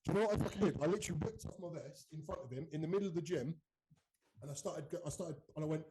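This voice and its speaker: A man hosts a casual podcast, telling stories at a fast clip and swearing freely. His voice is dark and mellow, with a faint hiss of noise behind it. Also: fairly high pitch, rough recording. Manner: swears freely, animated storytelling. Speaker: podcast host. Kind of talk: casual chat.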